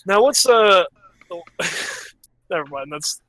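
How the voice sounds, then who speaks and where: A man's voice: high voice, lively intonation, very slow, pushed and bright, no room sound. A man playing in a tabletop game, wry and a little hesitant as he talks. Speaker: player. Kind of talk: tabletop role-play chat.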